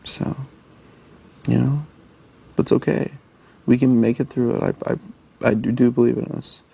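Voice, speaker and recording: A man's voice: medium pitch, level tone, a little slow, gravelly, dark tone, husky. A young man talking earnestly and reassuringly to his partner, often restarting his sentences. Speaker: reality show houseguest. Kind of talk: intimate casual talk.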